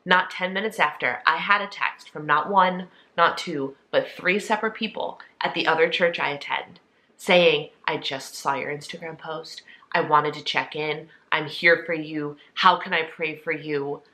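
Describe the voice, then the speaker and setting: A woman in her early thirties talks straight to her viewers in a casual vlog. Her voice is bright and forceful yet sits a little low. She sounds earnest and heartfelt as she shares what is going on. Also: steady tone, unhurried. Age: 30s. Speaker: vlogger. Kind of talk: casual chat.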